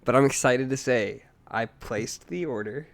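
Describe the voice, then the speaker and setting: A man's voice: medium pitch, a little slow, gravelly. A man in his thirties co-hosting a casual podcast, telling a rambling story full of fillers and restarts, laughing at himself. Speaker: podcast co-host.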